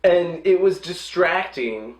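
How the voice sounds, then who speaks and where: A woman's voice: on the low side, lively intonation, takes it slowly, a little mellow. A young woman co-hosting a movie review, congested and nasal, with a dry, agreeable manner. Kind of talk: casual chat. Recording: roomy echo.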